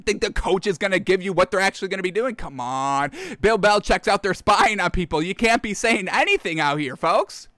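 A man doing casual sports commentary, excitable and profane, who keeps calling the audience folks. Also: high-pitched, fairly quick, hardly any pauses, no echo, clean studio sound. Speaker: sports talk host.

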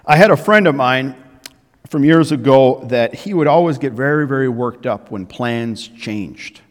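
A male pastor preaches to his congregation in a reverberant sanctuary. His voice sits at a mid pitch and swells with emphasis between pauses. The long reverb of the hall trails after each phrase. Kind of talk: sermon.

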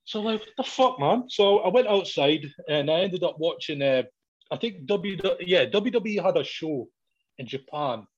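A man's voice: animated, moderate pace, breathy edge. A man telling a story in casual chat, swearing often and laughing as he goes. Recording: dull, low-fidelity recording.

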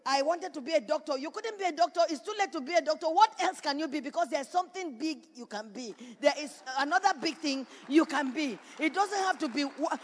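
Female pastor, very high voice, fervent repetitive preaching, long church reverb. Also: fairly quick, hardly any pauses. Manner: preaching with rising shouts and repetition. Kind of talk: sermon.

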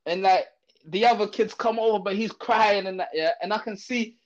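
A young man from Zimbabwe, telling a story in casual chat, slangy and animated, full of fillers and restarts. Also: high-pitched, normal speed. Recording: dull lo-fi audio.

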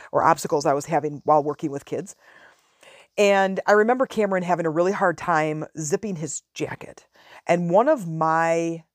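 A woman's voice: sits low, no room sound, studio quality. A woman in her forties telling a parenting story in a frank, casual monologue as a podcast host. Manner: frank, conversational, drawn-out emphasis.

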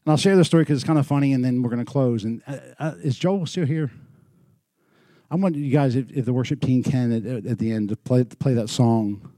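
Man preaching with a dark, dry voice. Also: brisk, no echo. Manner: swings between loud lively storytelling and quiet earnest lows. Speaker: pastor. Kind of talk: sermon with storytelling. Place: church.

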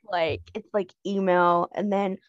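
A woman's voice: medium pitch, fairly even intonation, measured pace, dry recording, dull audio. A woman in her twenties chatting casually on a podcast, gushing and self-deprecating. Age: 20s. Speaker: podcast co-host. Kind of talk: casual chat.

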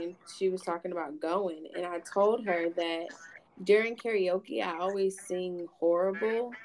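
A woman's voice: fairly low pitch, a little mellow, slight background noise. Candid, cursing woman podcast host. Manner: candid, swears freely, storytelling. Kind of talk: casual chat.

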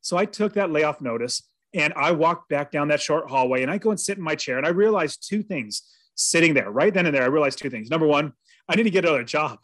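Earnest storytelling man, higher pitch. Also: animated, fast talker, fairly bright tone, no room sound. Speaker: podcast guest. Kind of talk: personal storytelling in an interview.

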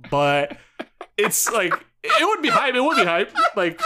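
A man's voice: sits high, wildly swooping pitch, measured pace, heavy background noise. A man co-hosting a casual podcast, laughing often and improvising silly voices in comic bits. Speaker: podcast co-host. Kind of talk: casual chat.

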